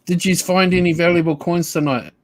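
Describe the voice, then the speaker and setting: A man with a New Zealand accent talking bluntly and casually as a guest on a video call. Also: high voice. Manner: blunt, swearing, drawn-out asides. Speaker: live chat guest. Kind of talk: casual group chat. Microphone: webcam on video call.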